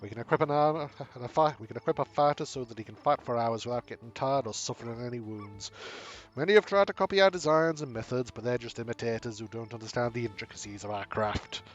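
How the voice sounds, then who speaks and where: A man's voice: medium pitch, fast talker, lo-fi sound, close to an everyday voice. A man voicing a proud young male dwarf warrior who talks earnestly and boastfully about his clan, for a game.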